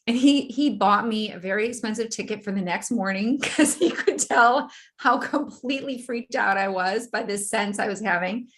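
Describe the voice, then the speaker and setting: A woman guest in an interview, telling a personal story in a vivid, animated way and often laughing. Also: a little high, moderate pace, hardly any pauses.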